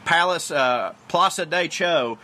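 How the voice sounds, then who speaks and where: A man's voice: on the high side, takes it slowly, pushed and bright. Chatty, profane man on his porch. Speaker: podcast host answering fan questions. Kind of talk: casual Q&A monologue. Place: outdoors on a porch.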